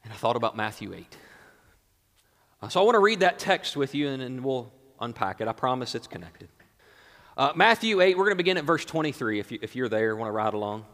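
Preacher swinging from loud to hushed in a reverberant hall. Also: male voice, mid-range voice, very animated, fairly quick. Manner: swings from loud exclaiming to hushed near-whispers. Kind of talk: sermon.

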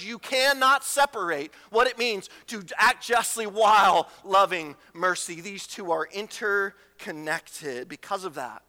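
A man's voice: high-pitched, pushed and bright, in a large hall. A man preaching a sermon as pastor, emphatic, repeating phrases and asking rhetorical questions.

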